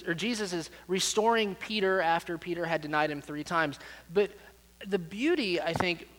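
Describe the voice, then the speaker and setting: Male pastor, fairly high voice, chatty storytelling sermon, long church reverb. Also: a bit bright. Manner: conversational, repeats words as he goes. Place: church sanctuary. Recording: reverberant hall.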